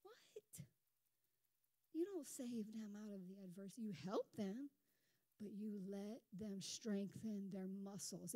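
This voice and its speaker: A woman pastor preaching a sermon in a lively, conversational way, full of rhetorical questions. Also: mid-range voice, measured pace. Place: church sanctuary.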